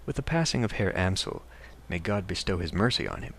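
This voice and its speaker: A greedy, silver-tongued male fixer pours on flowery praise, read by a man in a fairly low voice. The pitch is on the lower side, and steady background noise hums under the game reading. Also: a little fast. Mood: flattering. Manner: ornate, flattering speech. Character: smooth flattering male fixer, formal and greedy.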